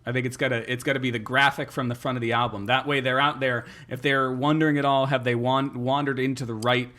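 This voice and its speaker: A man co-hosting a podcast in casual chat. He jokes dryly and lays things out as if he were an expert, with a middle-pitched male voice. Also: little pitch movement, fast talker, bright, forceful tone. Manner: dry, mock-authoritative joking. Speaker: podcast co-host.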